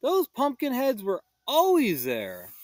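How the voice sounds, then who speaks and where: A man voicing a calm, know-it-all young woman who explains patiently. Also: extremely high pitch, slow pace, no room sound, pitched above the performer's own voice, exaggerated voice. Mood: explaining.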